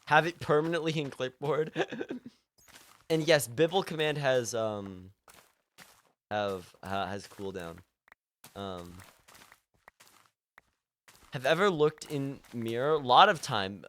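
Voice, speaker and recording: A man's voice: medium pitch, animated, takes it slowly, long pauses, a bit bright. A young man chatting casually on a live stream, rambling and often laughing at himself. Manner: rambling, self-amused, breaks into laughter often. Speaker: livestreamer.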